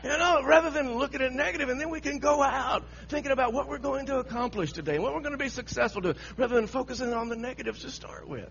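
A man's voice: very high voice, fast talker, creaky, hardly any pauses, a bit bright. A man preaching a sermon, telling a story with frequent laughter and repeated phrases, on a dull lo-fi recording with a faint hum.

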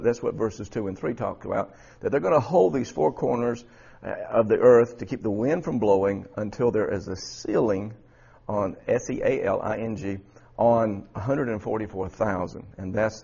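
A man with a husky voice teaching a Bible study class, often repeating words and quizzing his students. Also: fairly low pitch, a little mellow, lo-fi sound.

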